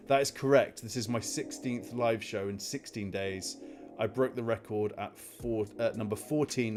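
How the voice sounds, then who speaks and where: A man's voice: mid-range voice, darkish tone. A man with a posh southern English accent hosts a fantasy football live stream, chatty and upbeat. He calls everyone mate, and light music plays faintly behind him. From Scunthorpe, northern England. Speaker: host of a fantasy football livestream. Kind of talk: casual live-stream chat.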